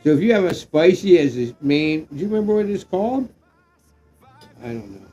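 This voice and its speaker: A middle-aged man who is getting drunk, chatting loosely on a livestream, rambling, swearing and breaking into excited shouts. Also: on the high side, fairly quick, faint music behind. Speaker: live stream co-host. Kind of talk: casual livestream chat.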